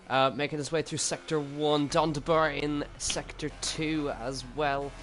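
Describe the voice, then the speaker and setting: A man's voice: on the high side, a bit bright, a little hiss or hum. A man co-commenting on an esports racing qualifying session in a casual, chatty way. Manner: casual, chatty, filler-heavy. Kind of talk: live sim racing commentary.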